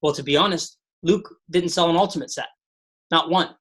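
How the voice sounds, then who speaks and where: A man's voice: fairly high pitch, normal speed, a bit bright. A man leading a motivational sales training call, telling stories and repeating mantras with energy.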